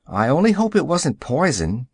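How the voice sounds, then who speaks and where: A man's voice: fairly high pitch, big pitch swings, normal speed, slightly rough, exaggerated voice. A man voicing a sensible, plain-spoken young girl in a matter-of-fact way.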